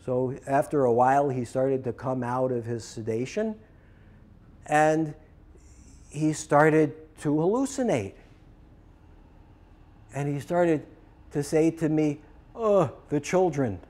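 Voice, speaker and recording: A man's voice: medium pitch, unhurried, pauses often, a little mellow. A man teaching process work, telling a story as a lecture and acting out both sides of the dialogue.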